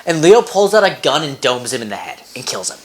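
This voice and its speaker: A podcast co-host recapping a game's endings in casual chat, telling it with blunt, excitable certainty. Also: mid-range voice, brisk.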